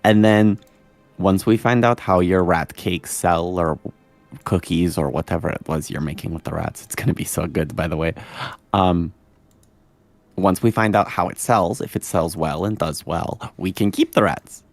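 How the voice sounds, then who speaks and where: A man's voice: low-pitched, moderate pace, no echo, soft background music. A man playing a tabletop game, talking in a rambling, hesitant, persuasive way. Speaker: player. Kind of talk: casual tabletop game chat.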